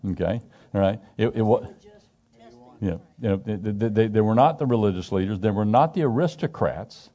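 Middle-aged male lay teacher, low mellow voice, chatty and emphatic scripture explainer. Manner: animated, emphatic, asks the group questions; frequent restarts and repetitions. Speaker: Bible study teacher. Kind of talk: informal conversational scripture teaching.

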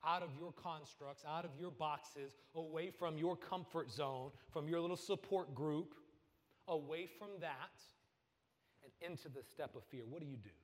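A man preaching a sermon, swinging from loud bursts to hushed lines. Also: a little high, normal speed, long reverb tail. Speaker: pastor.

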